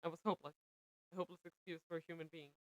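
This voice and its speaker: A young woman streaming, reading a visual novel aloud with expressive narration. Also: on the low side, very fast, no echo, poor audio. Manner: expressive narration, breaks into laughter.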